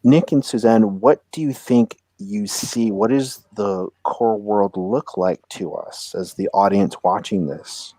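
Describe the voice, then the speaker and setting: Low, dark-voiced man running the game. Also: slow, hardly any pauses, no echo. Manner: asks players questions, describes scenes. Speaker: game master. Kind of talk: narrating a tabletop game.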